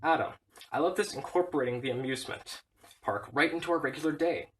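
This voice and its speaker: A man's voice: on the high side, fast talker, fairly bright tone, distant mic, a little hiss or hum, low-quality recording. Man reciting a script, heard from afar. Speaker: reader. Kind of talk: reading a script aloud.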